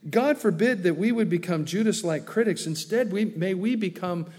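A pastor gives a sermon in a relaxed, conversational style, adding wry asides and playfully acted quotes. His voice is a little high for a man and slightly mellow, at normal speed, with the long ring of a church hall around it.

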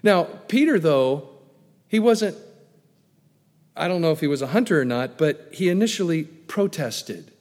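Man, pastor, sermon, slow deliberate delivery, booming then hushed, long hall reverb. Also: expressive. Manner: preaching with wide swings in loudness, booming then dropping low. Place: church sanctuary.

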